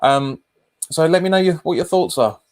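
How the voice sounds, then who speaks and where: A man with a slightly high, animated voice speaks at a normal speed during a live football watch-along. He comments on passes, reads viewer messages, chats casually and repeats himself often.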